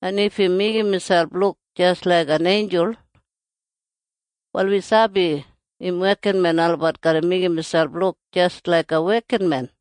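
A reader with an Australian Kriol accent, reading scripture aloud in a steady, earnest recitation. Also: mid-range voice, a little slow, smooth, dry recording.

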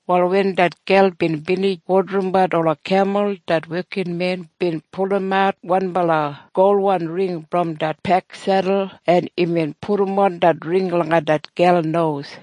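Slow, high-voiced storyteller man. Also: a little mellow, dry recording. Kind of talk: scripted scripture narration in Kriol.

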